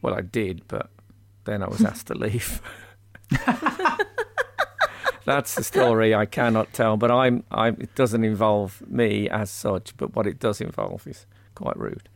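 A man's voice: on the low side, a little slow, vocal fry. A man hosting a casual radio chat from home, joking in a dry, self-mocking way. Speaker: radio host. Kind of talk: casual banter.

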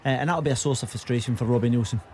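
A man, a football pundit reacting excitedly in studio chat. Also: mid-range voice, very fast, a little hiss or hum. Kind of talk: casual studio banter.

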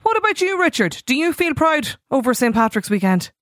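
A woman's voice: high-pitched, sing-song, a little fast, fairly bright tone, no echo, clean studio sound. Irish woman hosting a radio chat. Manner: conversational, asks guests questions. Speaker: radio host.

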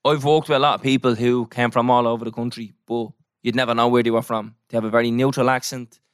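A man with an Irish accent, co-hosting a podcast in casual chat and getting animated as he rants. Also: mid-range voice, fast, clean tone, dry recording, studio quality. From Ireland. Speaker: podcast co-host.

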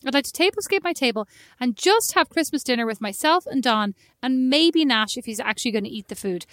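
A woman in her thirties, from Ireland, co-hosting a podcast and chatting casually, telling animated stories. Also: sits high, brisk, dry recording, studio quality. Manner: animated storytelling, acts out her child's lines. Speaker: podcast co-host. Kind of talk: casual chat.

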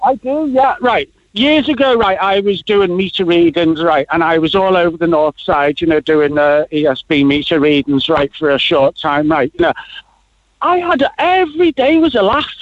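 Man, high voice, rambling radio caller, dry muffled line. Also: normal speed, no echo. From Liverpool. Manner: chatty, rambling, many fillers and restarts. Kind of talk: casual radio phone-in chat.

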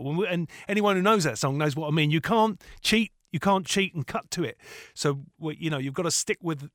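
Animated storytelling man, slightly high voice. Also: a little fast, hardly any pauses, dry recording, studio quality. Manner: animated storyteller, acts out quotes. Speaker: comedian guest. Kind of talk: casual interview chat.

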